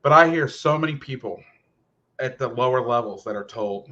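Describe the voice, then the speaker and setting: Profane ranting man on lo-fi audio. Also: mid-range voice. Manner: animated, profane, fast ranting. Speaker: football podcast host and coach. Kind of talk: casual rant. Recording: lo-fi muffled audio.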